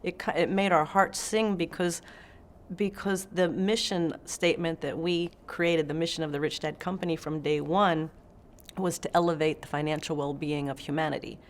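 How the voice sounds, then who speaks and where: A woman's voice: low voice, normal speed, slight background noise. A middle-aged woman telling stories as an interview guest, acting out the quotes with energy. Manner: animated anecdote-telling, acts out quotes. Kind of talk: interview storytelling.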